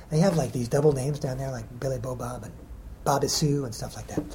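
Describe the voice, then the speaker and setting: A man's voice: medium pitch, steady tone, brisk, vocal fry, warm tone, a little hiss or hum. A middle-aged man, a children's poet, answering interview questions casually, rambling and hesitant with many ums.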